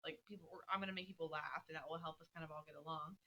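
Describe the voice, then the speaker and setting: A woman's voice: high-pitched, big pitch swings, measured pace, bright, forceful tone, pitched above the performer's own voice, heavily acted. A woman voicing a carefree, tomboyish girl who answers bluntly and defiantly. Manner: defiant, matter-of-fact.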